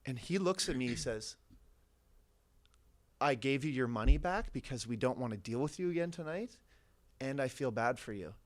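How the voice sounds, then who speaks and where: A man from Canada, a podcast guest telling a story in a casual, profane, animated way. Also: medium pitch, normal speed, long pauses, a little hiss or hum. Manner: animated, profane, laughs through his story.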